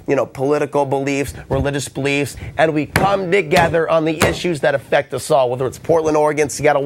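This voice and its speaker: Hoarse, ranting talk show host man. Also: on the high side. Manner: impassioned, ranting. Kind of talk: call-in radio talk show.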